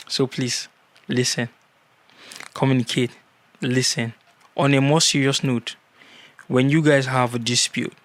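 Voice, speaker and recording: A man's voice: medium pitch, no room sound. A man giving earnest marriage advice in a casual vlog, repeating key words for emphasis.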